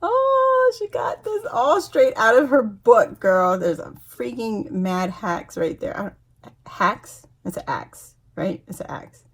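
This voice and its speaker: A woman in her forties from Guam, hosting a casual unboxing vlog at home, gushing, laughing often and close to tears with excitement. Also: mid-range voice, measured pace, slightly rough. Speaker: YouTube host.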